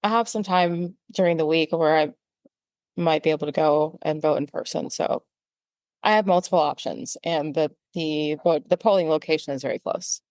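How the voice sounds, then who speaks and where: Smooth-voiced woman, dry close sound. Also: low voice, normal speed, a little mellow, dry recording. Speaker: podcast co-host. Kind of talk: casual chat.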